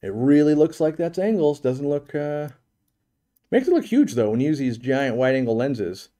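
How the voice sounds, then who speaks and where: A man's voice: fairly high pitch, sing-song, normal speed, warm tone. A man hosting a live stream, giving a casual, joking commentary on a virtual home tour and thinking aloud with many restarts.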